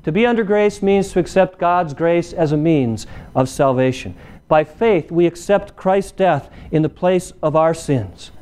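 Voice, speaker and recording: A man's voice: unhurried, a little mellow, clear, resonant tone. A man giving a conversational sermon, often checking in with the audience with "right?". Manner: acts out a traffic stop in a lower voice. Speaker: preacher. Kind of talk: sermon with illustration. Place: church meeting room.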